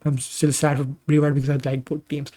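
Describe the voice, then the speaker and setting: A man's voice: a little high, monotone, a little fast, dark tone. A man casually commentating video game wrestling matches, rambling off into tangents and personal asides between the calls. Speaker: gaming channel host commentating simulated matches.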